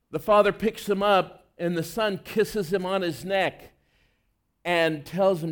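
A male preacher with a notably high voice delivers his sermon in an earnest, conversational way. He leans hard into emphatic lines, then sinks into soft, low stretches. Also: a little slow.

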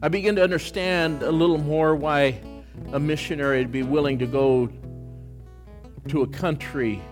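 A man preaching a sermon, his delivery swinging from hushed, intimate phrases to loud, impassioned outbursts. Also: fairly high pitch, fairly even intonation, normal speed, soft background music. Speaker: pastor.

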